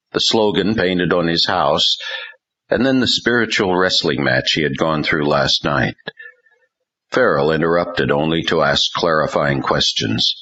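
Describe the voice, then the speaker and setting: A man narrating an audiobook in a measured, unhurried way. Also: a bass voice, pushed and bright, breathy edge, muffled recording. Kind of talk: scripted narration.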